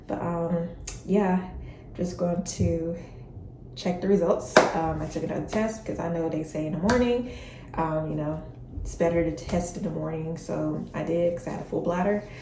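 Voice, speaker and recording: A woman's voice: on the low side, fairly even intonation, moderate pace. A woman talking casually and openly to her viewers in a personal vlog, with plenty of feeling in her voice. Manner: chatty and openly emotional, speaks directly to viewers. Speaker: vlogger. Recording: roomy, a bit distant from the mic, faint hiss.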